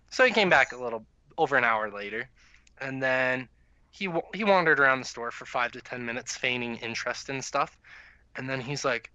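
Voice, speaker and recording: A man's voice: mid-range voice, fairly quick, dry recording, dull audio. A man co-hosting a podcast, telling a story from work in an easygoing way. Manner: easygoing, relaxed anecdote telling. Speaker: podcast co-host. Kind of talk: casual storytelling chat.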